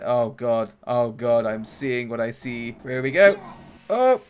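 A man commentating a video game as he plays, excitable, often laughing, groaning and cheering. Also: mid-range voice, takes it slowly, over music. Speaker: gaming YouTuber. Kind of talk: let's play commentary.

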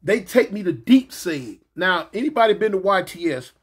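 A man casually telling a story from his past, slangy and animated, jumping in pitch and making sound effects as he goes. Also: moderate pace, husky. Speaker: storyteller recounting his prison days.

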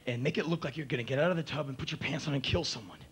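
A man's voice: mid-range voice, racing, fairly bright tone, slightly rough. A man voicing an exasperated film director who coaxes his actor, patient at first, then scolding. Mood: coaxing.

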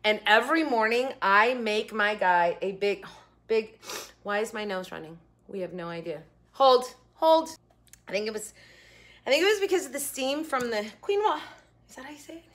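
A woman's voice: a little high, animated, normal speed, a bit bright. A young woman chatting casually in her home kitchen as she reviews food, rambling with giggly asides. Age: young adult. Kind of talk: casual chat.

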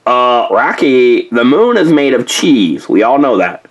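A man voicing a hungry, slow-witted male bulldog pup in a toy play-along story, with a husky, rambling drawl. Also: medium pitch, very animated, pitched below the performer's own voice, rough recording. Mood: dreamy, stubborn.

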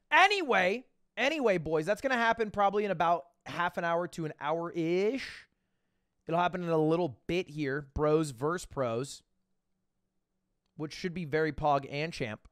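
A man's voice: fairly high pitch, expressive, unhurried, long pauses, a bit bright, clean tone, dry recording, clean studio sound. A young man streaming, telling a rambling story to his chat with lots of restarts and swearing.

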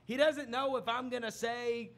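A man's voice: extremely high pitch, moderate pace, gravelly. A man hosting a sports radio show, telling a story in casual studio banter and acting out quotes. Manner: animated storytelling, acts out quotes. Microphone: studio microphone.

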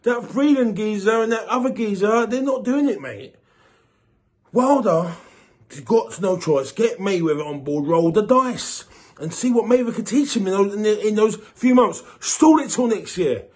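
Man, high voice, boxing channel host, animated swearing rant. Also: normal speed. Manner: animated, swearing, repeats himself, rising to shouts. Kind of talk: casual boxing opinion rant.

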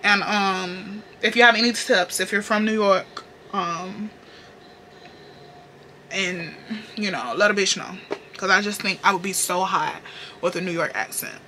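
Sassy Southern woman with a bright voice. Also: medium pitch, measured pace, pauses often, slight background noise. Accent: Southern US (Carolina). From North Carolina, US. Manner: sassy, profane, playful slang. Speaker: beauty vlogger. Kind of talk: casual makeup tutorial chat.

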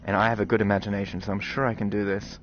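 A man hosting a gaming video, talking to his viewers in excited, animated commentary, quick to swear and exclaim. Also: fairly low pitch, slight background noise. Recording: slightly dull recording with game music.

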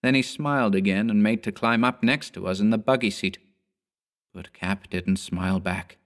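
A man narrating a horror story in a measured storytelling manner. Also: lowish voice. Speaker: audiobook narrator.

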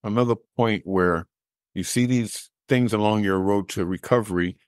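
A middle-aged man telling a personal story as an interview guest, animated and acting out the dialogue he recalls. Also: fairly low pitch, moderate pace, smooth, dry recording, clean studio sound. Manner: animated storyteller who acts out quoted dialogue, laughs at his own jokes.

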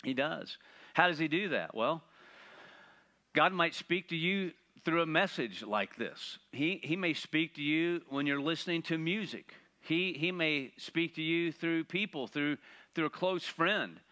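A man preaching a sermon, animated and playful, asking the congregation rhetorical questions. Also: on the high side, a little slow. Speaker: pastor.

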